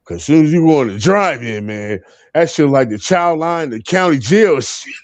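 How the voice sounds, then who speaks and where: Animated, laughing man telling stories. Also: a little high, moderate pace, dry recording. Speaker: live panel co-host. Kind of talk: casual storytelling on a live panel.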